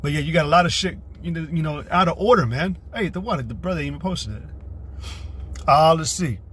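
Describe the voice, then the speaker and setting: A livestream host with a fairly high, brisk, fairly bright voice delivers a rambling, combative religious rant, reading scripture between scornful outbursts. He curses freely, and there's a little hiss or hum in the audio.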